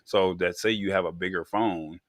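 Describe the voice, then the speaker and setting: Male co-host, very low voice, loose rambling tech talk, dry mic. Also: fairly even intonation, moderate pace, no room sound. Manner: rambling, with frequent ums and restarts. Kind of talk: casual tech talk show chat.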